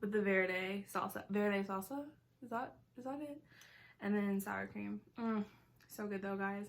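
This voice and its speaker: A woman's voice: medium pitch, steady tone, measured pace. A woman in her twenties talking casually while eating in a mukbang vlog, chatty and filling her talk with "like". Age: 20s. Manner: chatty, says "like" a lot, giggly asides. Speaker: vlogger.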